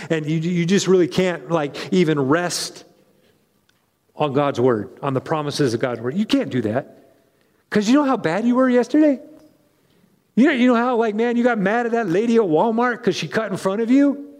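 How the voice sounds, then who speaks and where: A man preaching a conversational sermon as pastor, animated and chatty with frequent asides and restarts. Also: high-pitched, normal speed, long reverb tail.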